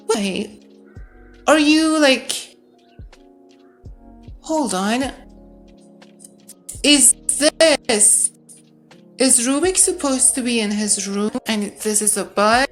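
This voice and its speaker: A woman's voice: fairly high pitch, very slow, pauses often, faint music behind. A woman playing a video game and commenting as she goes, thinking aloud, reading out on-screen text and correcting herself. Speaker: gamer. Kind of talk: let's-play commentary.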